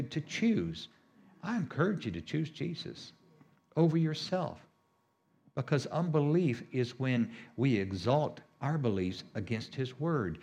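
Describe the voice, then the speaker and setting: A man's voice: medium pitch, darkish tone. A middle-aged man preaching a sermon as a healing minister, emphatic and repetitive, with sudden rises on key phrases.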